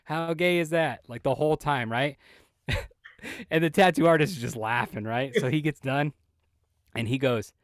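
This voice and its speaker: A man co-hosting a podcast, telling a long, profane, animated story in casual chat and acting out the lines of the people in it. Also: medium pitch, normal speed, pauses often, dry recording, clean studio sound. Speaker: podcast co-host.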